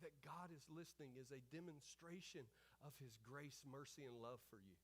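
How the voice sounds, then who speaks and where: Male pastor with a high voice, preaching an emphatic sermon and calling on the congregation. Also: animated, normal speed, few pauses, fairly bright tone. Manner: emphatic preaching, repeats key phrases and calls out to the congregation. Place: church service.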